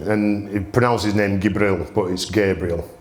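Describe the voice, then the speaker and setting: Speaking at normal speed in a fairly low, steady voice, a man presents a gin tasting through humorous anecdotes. He's chatty and laughs a lot, and the room echoes noticeably.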